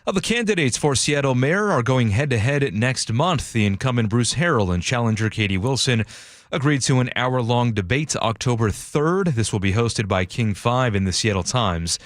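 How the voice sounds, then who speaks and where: A man reading a radio newscast in a crisp, scripted manner. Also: mid-range voice, animated, normal speed, no room sound, clean studio sound. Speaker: news anchor.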